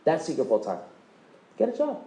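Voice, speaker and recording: A man with a high, bouncy voice pitches a business to a live crowd, cracking jokes and firing questions at the room. His tone is mellow and dark-edged rather than sharp. The sound is echoey, as in a meeting room. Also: huge pitch swings. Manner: joking, quizzes the audience, acts out quick dialogues. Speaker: presenter at a direct-sales meeting. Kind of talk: motivational sales presentation.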